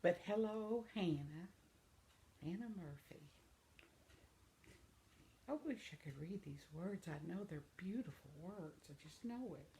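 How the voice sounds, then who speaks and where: Older female vlog host, low and gravelly, rambling and chatty, reads viewer comments. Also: expressive, measured pace, long pauses, slight background noise. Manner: warm, rambling, laughs often. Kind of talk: casual chat reading viewer comments.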